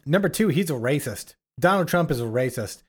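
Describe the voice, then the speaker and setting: A man's voice: fairly high pitch, animated, a little fast, breathy edge. A man co-hosting a casual political podcast. He sounds indignant, fills his talk with "like" and acts out the people he quotes. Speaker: podcast co-host.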